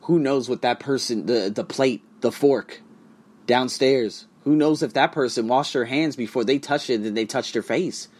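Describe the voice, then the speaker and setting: A man ranting casually and profanely to his viewers, swinging between loud outbursts and hushed asides. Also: mid-range voice, moderate pace, slightly rough. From United States. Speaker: vlogger and online teacher. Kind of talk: casual profane rant to camera.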